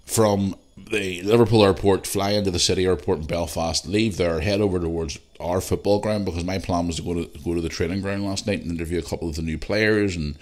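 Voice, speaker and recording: A man's voice: sits low, a little fast. A man with a Northern Irish accent hosting a casual solo podcast from his living room, telling stories with plenty of swearing and fillers. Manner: swears freely, animated anecdotes with lots of fillers. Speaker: podcast host.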